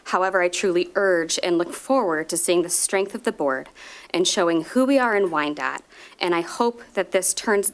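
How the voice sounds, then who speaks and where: A woman speaking as a parent during public comment at a school board meeting, giving earnest personal testimony with some fillers. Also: on the low side.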